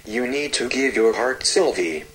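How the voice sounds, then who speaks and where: A man voicing a gentle, wise little bumblebee in a storybook, speaking in a calm, soothing, reassuring way. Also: medium pitch, measured pace, close to an everyday voice, rough recording.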